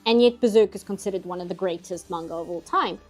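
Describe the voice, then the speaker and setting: A woman's voice: lowish voice, fast, darkish tone, faint music behind. A woman, hosting a casual livestream chat and talking easily with frequent laughs. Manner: chatty, laughs often, mock outrage. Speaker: livestream host.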